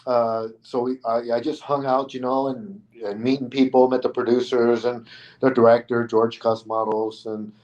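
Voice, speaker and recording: A middle-aged man, a stuntman guest on an interview show, tells a story in an easy, animated way. His voice sits at an ordinary mid pitch, and he jumps into the other people's lines as he goes. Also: normal speed, muffled recording. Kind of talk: casual anecdotal storytelling.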